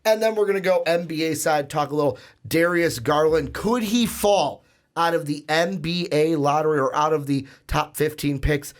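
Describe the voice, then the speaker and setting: A man with a hoarse, raspy voice from shouting, hosting a casual sports podcast and rambling through plugs and asides. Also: fairly high pitch, moderate pace. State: hoarse, lost voice. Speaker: podcast host.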